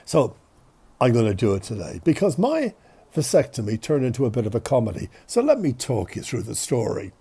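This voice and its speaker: Male podcast host, storyteller, a cold in the voice, dark and raspy. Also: medium pitch, a little fast. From Ireland. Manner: chatty, self-deprecating, animated storytelling. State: has a cold. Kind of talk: casual storytelling.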